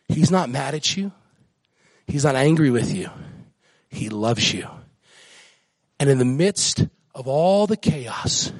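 A man preaching a sermon as guest pastor, climbing to excited high peaks and dropping to soft near-whispers. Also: gravelly, breathy edge, no echo.

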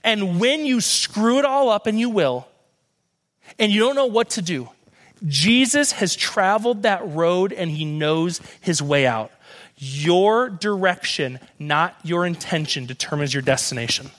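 A young man with a high, bright-sounding voice delivers a sermon to a congregation. He talks in a lively storytelling way, slipping into other people's voices as he tells his stories. His delivery keeps moving and stays conversational. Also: a little slow. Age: young adult. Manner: animated storytelling, acts out quoted voices. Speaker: guest speaker.

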